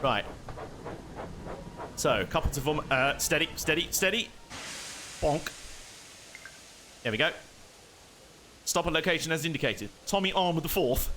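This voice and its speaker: A man's voice: a little high, animated, unhurried, pauses often, bright, forceful tone, a little hiss or hum. A man giving casual, chatty live commentary while streaming a game, muttering to himself and laughing often.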